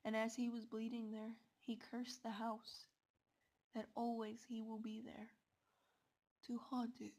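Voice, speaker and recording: A woman telling a scary story in the first person, with slow, dramatic delivery. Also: on the high side, completely flat delivery, darkish tone.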